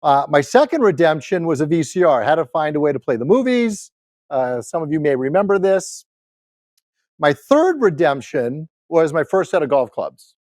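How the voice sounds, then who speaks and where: Keynote sales speaker, man, fifties, fairly high voice, punchy crowd-rallying delivery, dry sound. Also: very animated, moderate pace, darkish tone, no echo. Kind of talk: motivational keynote to a live audience.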